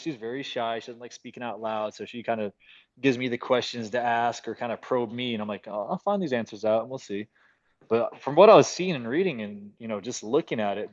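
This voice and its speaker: A man chatting on a live audio call, telling stories in an animated, profane way. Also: mid-range voice, dull audio. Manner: animated, fast storytelling, profane. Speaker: guest.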